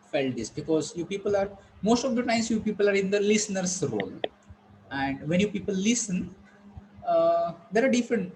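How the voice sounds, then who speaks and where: Brief: a man playing an lecturer, higher voice, unhurried, repeats points, faint background noise. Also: darkish tone, low-quality recording. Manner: slow, repetitive explaining with frequent pauses. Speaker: teacher. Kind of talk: online classroom lecture.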